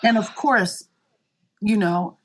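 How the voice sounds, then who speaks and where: Woman on a podcast, mid pitch, lively storyteller, jumps up high when she quotes people. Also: slow. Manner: animated, acts out quotes in raised voices; emphatic, frequent "right?" and "you know". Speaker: podcast guest, marketing leader. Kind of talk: candid conversational storytelling.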